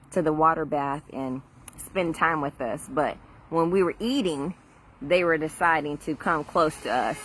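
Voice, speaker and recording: Chatty woman gardener, lower voice. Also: a bit bright. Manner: chatty and rambling, laughs often. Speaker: vlogger on a garden livestream. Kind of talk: casual livestream chat. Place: outdoors in a backyard garden. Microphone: phone livestream.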